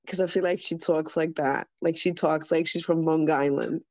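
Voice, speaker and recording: A woman co-hosting a podcast in casual chat, emphatic and swearing, talking in fast bursts. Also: deep voice, steady tone, no room sound. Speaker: podcast co-host.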